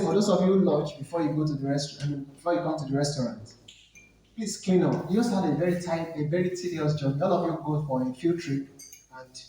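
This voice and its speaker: Nigerian accent, etiquette trainer, emphatic seminar talk, dark tone, heard from across a very echoey hall. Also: medium pitch, slight background noise. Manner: emphatic, instructive, repeats key phrases. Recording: echoey hall, speaker far from mic.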